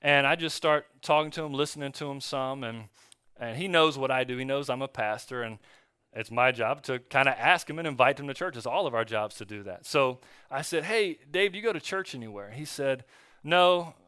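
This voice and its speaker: A male pastor preaching a conversational sermon, telling a story in a relaxed way with fillers and restarts. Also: medium pitch, fairly quick, smooth, no echo, clean studio sound. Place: church.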